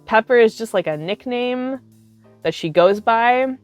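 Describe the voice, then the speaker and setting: A woman's voice: fairly high pitch, unhurried, no room sound, faint music behind. A woman in her thirties telling cosplay stories in a casual, chatty way, filling her sentences with "like". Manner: chatty, animated, heavy use of filler "like". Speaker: cosplay vlogger. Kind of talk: casual storytime.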